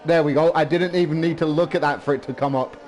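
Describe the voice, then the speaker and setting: A man co-commentating a live esports race, measured and analytical, explaining tyre strategy and track details. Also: on the high side, steady tone, over a noisy crowd.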